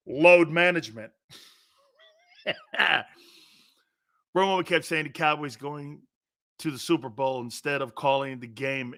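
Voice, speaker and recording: A man's voice: fairly high pitch, sharp tone. A man hosting a sports talk show, ranting in a sarcastic, mocking way. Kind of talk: opinionated sports talk rant.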